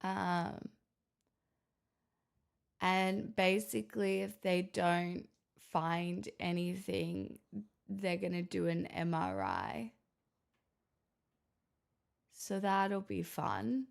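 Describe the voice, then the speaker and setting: Slow, gravelly-voiced woman streamer, sick. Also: lowish voice. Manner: rambling, chatty, self-deprecating. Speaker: live streamer. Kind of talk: casual live-stream chat.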